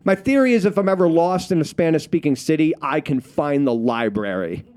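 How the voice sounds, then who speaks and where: Wry American man, slightly high voice. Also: a little fast. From United States. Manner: wry, deadpan self-mocking humor. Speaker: comedian. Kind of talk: casual panel chat on stage.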